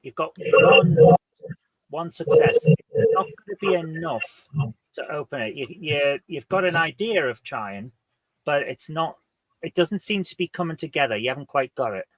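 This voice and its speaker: A man narrating as game master in a tabletop game, relaxed and playful. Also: a little high, moderate pace, no echo.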